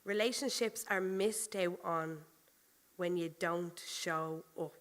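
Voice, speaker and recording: A woman pastor preaching a sermon, chatty and animated, telling personal stories and often laughing as she goes. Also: fairly low pitch, slow pace.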